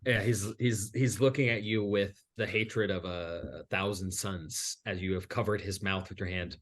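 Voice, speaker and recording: A man narrating a tabletop game as game master, pausing often and filling gaps with hesitations. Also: sits low, steady tone, a bit bright. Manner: halting, many fillers.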